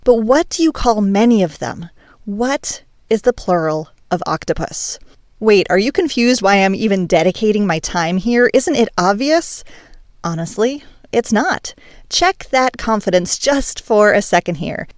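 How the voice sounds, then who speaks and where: A woman's voice: mid-range voice, lively intonation, a little slow, no room sound, studio quality. A woman hosting a language podcast, delivering a scripted monologue in a playful, emphatic, teacherly way. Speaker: podcast host.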